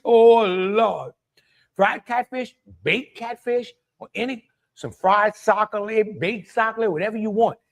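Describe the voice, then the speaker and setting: A man with a Louisiana accent hosting a casual live cooking stream, chatty and exclamatory, greeting viewers by name and laughing often. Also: high-pitched. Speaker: cooking show host.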